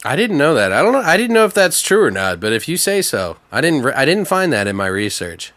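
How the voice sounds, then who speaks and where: A man's voice: on the high side, very animated, fairly quick, fairly bright tone, dry recording. A man co-hosting a podcast, chatting casually, laughing often and swearing a lot. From Arizona. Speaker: podcast co-host. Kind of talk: casual chat.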